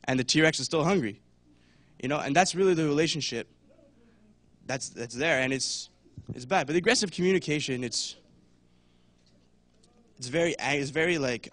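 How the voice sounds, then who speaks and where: A man's voice: mid-range voice, no echo. A young man giving a casual talk at church, chatty, with many fillers, and acting out voices now and then. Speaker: church speaker.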